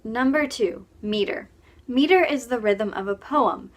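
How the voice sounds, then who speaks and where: A woman's voice: a little high, a little slow. A woman narrating a scripted poetry lesson and announcing each numbered section.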